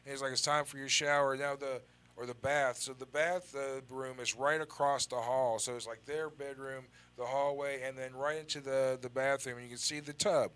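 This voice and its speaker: A man's voice: medium pitch, moderate pace. A man telling a long story in casual, swearing talk, acting out the lines of the people in it. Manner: animated, acts out quoted dialogue.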